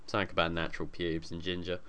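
A man's voice: sits low, monotone, fast talker, a crowd in the background. A man co-hosting a podcast in casual chat, joking and laughing often. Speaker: podcast co-host.

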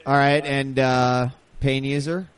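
A man's voice: mid-range voice, little pitch movement, takes it slowly, clear, resonant tone, no echo. A man hosting a casual gaming talk show, bantering energetically and swearing freely. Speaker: host. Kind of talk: casual chat.

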